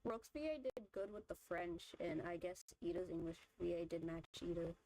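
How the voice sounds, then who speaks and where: A woman's voice: on the low side, normal speed, mellow, low-quality recording. Chatty woman rambling her opinions. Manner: rambling, filler-heavy opinion talk. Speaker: vtuber streamer. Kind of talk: casual chat while drawing.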